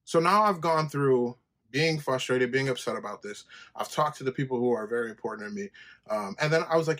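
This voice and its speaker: A man hosting a podcast, telling a personal story in a casual, profane monologue and acting out quoted conversations in a higher voice. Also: expressive, brisk, a bit bright. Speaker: podcast host.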